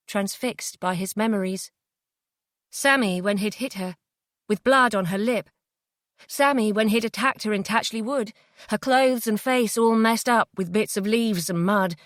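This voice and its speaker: A woman reading a suspense audiobook in a measured, dramatic way on a close studio mic. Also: mid-range voice, dry recording. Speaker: audiobook narrator. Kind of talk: scripted narration.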